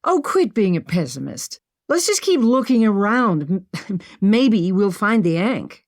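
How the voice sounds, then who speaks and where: For an audiobook, a woman voices an impulsive, upbeat young woman who brushes off worry, pitching above her own natural voice. The delivery is medium-pitched, unhurried and a little mellow, with big pitch swings. The studio sound is clean, with no room sound.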